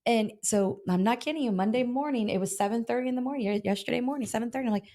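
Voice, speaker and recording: Fast-talking woman broker telling stories. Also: a little high. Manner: animated, acts out both sides of phone calls. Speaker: health insurance broker, guest. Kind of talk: casual interview storytelling.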